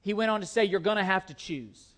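A male pastor with a high, somewhat bright voice delivers a brisk sermon in a church sanctuary. He preaches earnestly and emphatically, repeating phrases.

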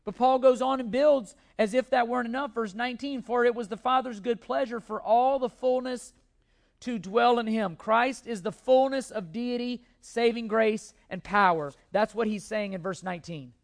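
A man's voice: extremely high pitch, moderate pace, gravelly. A man preaching from the pulpit, pressing his points with repeated phrases and now and then catching himself mid-word. His delivery is earnest and emphatic. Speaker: pastor. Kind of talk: sermon.

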